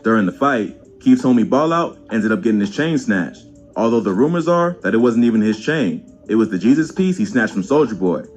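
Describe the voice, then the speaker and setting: A man reading a scripted documentary narration in an even, measured way. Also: on the low side, faint music behind.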